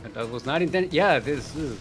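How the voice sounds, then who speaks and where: Animated, rambling male game caster. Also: medium pitch, fairly quick, music in the background. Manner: rambling, jokey, chuckling, many fillers. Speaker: esports caster. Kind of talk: live game commentary.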